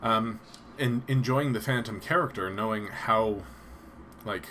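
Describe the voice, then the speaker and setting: A man's voice: fairly low pitch, a little slow, bright, forceful tone, a little hiss or hum. Rambling Canadian-born male streamer. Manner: rambling, hesitant, lots of ums and restarts. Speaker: live streamer. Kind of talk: casual live-stream chat.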